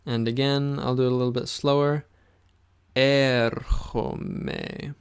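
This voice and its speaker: A man teaching a pronunciation lesson, saying each word slowly and repeating it so the listener can follow along. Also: mid-range voice, little pitch movement, a little mellow, clean tone. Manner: slow, patient, repeats words for the listener. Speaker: language teacher.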